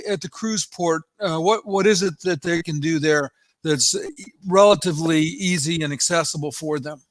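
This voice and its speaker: A man hosting an interview, asking halting questions full of ums and uhs. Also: a little high, no room sound. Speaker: host.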